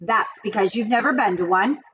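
A woman's voice: mid-range voice, normal speed, fairly bright tone, close to an everyday voice. A wise old ewe describes things with relish, listing them one after another, as a woman puts her on. The storybook reading sounds dull and muffled, with a faint hiss. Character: wise old female sheep, persuasive.

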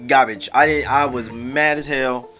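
A young man with a high, bright voice that swings up and down a lot. He rants bluntly in a casual movie review chat. Faint music plays underneath. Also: very animated, quick pace. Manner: blunt, ranting, repeats "garbage". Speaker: co-host.

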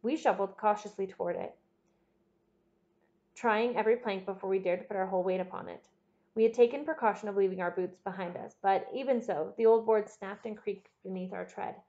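A woman narrating a classic novel as an audiobook, in a measured, expressive storytelling manner. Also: medium pitch, muffled recording.

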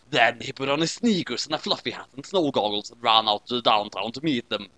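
A man reading an absurd comedy story aloud in a deadpan tone. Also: mid-range voice, no room sound. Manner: deadpan, rapid-fire absurd narration. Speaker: narrator.

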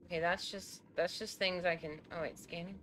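A woman's voice: lowish voice, steady tone, moderate pace, a bit bright, a little hiss or hum. A young woman streaming a game live, nervous and jumpy, swearing and chatting to her viewers.

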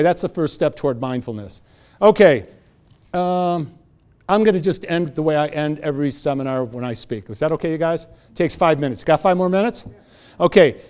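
Man in his fifties, motivational speaker, animated storytelling, slightly high voice, live talk to an audience.

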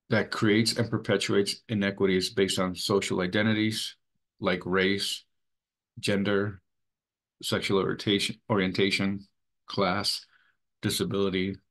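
A man presenting a training webinar in an earnest, measured way, with many fillers. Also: fairly low pitch, a bit bright. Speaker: webinar presenter for a sexual assault coalition.

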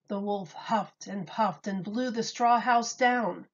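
A woman teacher reading a children's story and explaining a craft, gentle and clear, step by step. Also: mid-range voice, takes it slowly, few pauses, lo-fi sound.

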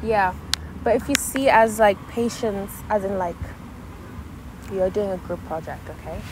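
A young woman co-hosting a podcast in casual chat, animated and acting out the voices she quotes. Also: mid-range voice, a little slow, slight background noise. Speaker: podcast co-host.

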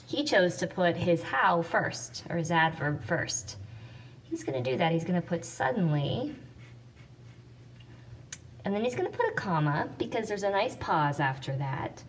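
A patient woman teacher explains step by step, slowly, with a somewhat low and lively voice. She sounds set back from the mic, with faint noise behind. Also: recorded from a distance. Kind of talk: classroom explanation.

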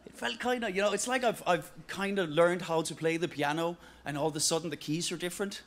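A man's voice: on the high side, quick pace. A Danish man, a native Danish speaker with an Irish accent, performing a playful, self-deprecating stand-up set and acting out little voices. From Denmark. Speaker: stand-up comedian. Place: stage before a live audience. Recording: stand-up clip with loud noise.

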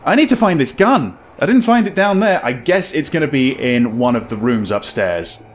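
A man's voice: mid-range voice, big pitch swings, moderate pace. Jumpy man narrating a horror game. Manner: jumpy, laughing, talks to himself. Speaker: gameplay commentator. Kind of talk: let's play commentary. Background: game music.

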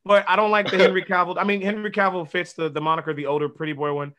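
A man co-hosting a podcast in casual chat, animated and joking, swearing freely. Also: high voice, fast talker, dull audio. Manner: animated, joking, swears freely, acts out quotes in funny voices. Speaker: podcast co-host.

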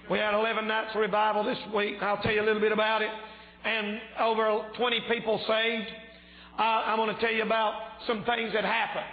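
A man preaching a fervent revival sermon in a church, shouting at times, his voice a little strained. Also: high-pitched. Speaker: pastor. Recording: echoey church hall, tinny phone-like sound.

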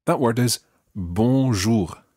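A man with a Scottish accent teaching a podcast language lesson, patiently modelling words slowly and carefully. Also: mid-range voice, darkish tone, no echo, studio quality. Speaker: French teacher.

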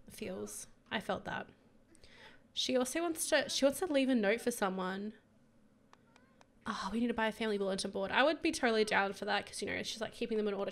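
A young woman with a croaky voice giving bubbly, giggly casual commentary on her life-sim gameplay. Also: medium pitch, fast talker. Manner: bubbly and giggly, gushing over her characters. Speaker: gaming YouTuber.

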